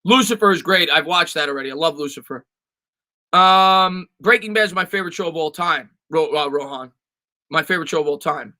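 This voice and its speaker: A man with a very bright, forceful and rather high voice, chatting casually on a live stream. He reads questions from the chat and answers them off the cuff, stumbling through restarts and "um"s. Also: a little fast, rough recording.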